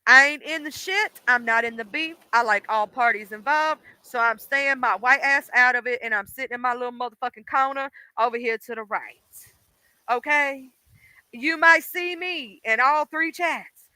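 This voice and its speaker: A woman hosts a livestream in loose, chatty talk, swearing freely and leaning on fillers. Her voice sits high and sounds very bright and sharp. The sound is dry and close, with no room echo. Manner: chatty and profane, with lots of fillers. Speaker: livestream host. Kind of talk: casual livestream chat.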